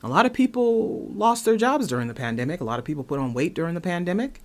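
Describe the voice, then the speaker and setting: A woman hosting her own show, giving opinionated commentary in an exasperated, animated way, full of rhetorical questions. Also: on the low side, quick pace, hardly any pauses. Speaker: host.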